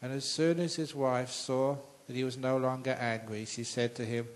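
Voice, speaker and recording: An older man with a British accent, a monk telling a story in a sermon, acting out characters with sudden loud outbursts. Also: mid-range voice, normal speed, rough recording. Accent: British English. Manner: animated storyteller, acts out voices with loud outbursts. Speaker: monk giving a dharma talk. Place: large trade centre hall with an audience.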